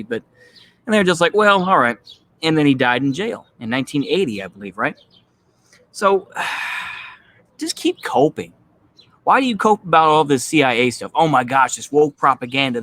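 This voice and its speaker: A man's voice: fairly high pitch, a bit bright. A man in his thirties with a Texan accent, giving a blunt, profane and dismissive political rant as a vlogger, rambling with lots of fillers. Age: 30s. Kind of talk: casual ranting monologue.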